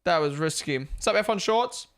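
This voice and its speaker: His voice sits high and sounds fairly bright and animated, delivered at a normal speed. The young man hosts a live watch-along, fielding viewer questions in casual, sweary talk. Born in Australia and brought up in New Zealand, he carries a mixed accent from both countries.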